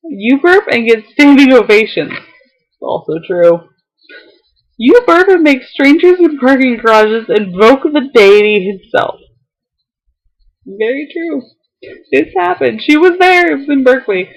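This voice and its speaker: A woman's voice: sits high, sing-song, a little slow, long pauses, poor audio. A young woman on a casual vlog, reading a heartfelt letter aloud to her viewers, tearful and fighting back tears, laughing now and then between lines.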